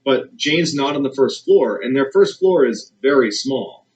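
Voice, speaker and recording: A man's voice: expressive, measured pace, darkish tone, rough recording. A man narrating a dramatic true scary story, building suspense as he goes. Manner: suspenseful, builds tension with rising pitch.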